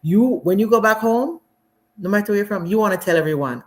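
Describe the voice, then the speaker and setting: A Jamaican woman speaking as a guest in a casual live interview, animated and laughing often, with many fillers. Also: medium pitch, fast. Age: adult with children.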